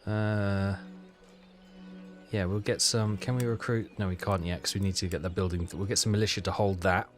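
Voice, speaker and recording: A man giving casual commentary on a strategy game, thinking aloud with halting, self-correcting phrases. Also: sits low, steady tone, faint music behind. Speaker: gaming channel host.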